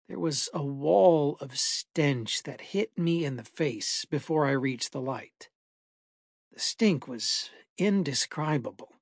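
A man reading a first-person horror story aloud in a measured, dramatic way. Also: a little high, vocal fry, dry recording, studio quality. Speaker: narrator. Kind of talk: scripted horror story narration.

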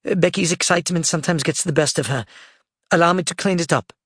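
A man voicing a gentle older grandmother. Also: fairly high pitch, fast, breathy edge, no echo, clean studio sound.

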